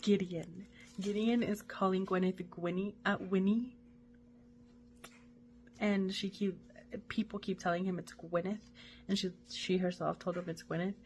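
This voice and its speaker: A woman talks through a book in a loose, rambling way, thinking aloud as she goes. Her voice sits at a middle pitch and her tone is eager. A faint hum runs under the recording. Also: fairly even intonation, unhurried, long pauses, darkish tone. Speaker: book club host. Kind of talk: casual book discussion.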